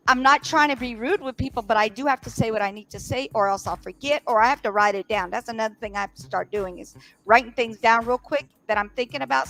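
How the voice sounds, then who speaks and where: A woman's voice: fairly high pitch, fairly bright tone. A woman hosting a casual chat, telling a long story at a loose pace with plenty of fillers. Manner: chatty, rambling storyteller with many fillers.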